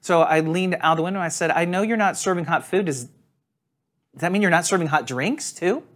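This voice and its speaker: A man preaching a sermon, telling a funny personal story in a relaxed, conversational way and laughing at himself. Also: a little high, fairly quick. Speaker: pastor. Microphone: on camera.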